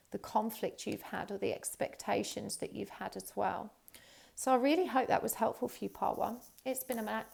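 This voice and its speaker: A woman's voice: medium pitch, creaky. A woman giving a chatty tarot reading straight to her viewers, talking casually with many fillers. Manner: chatty, warm-hearted, many ums and you-knows. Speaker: tarot reader.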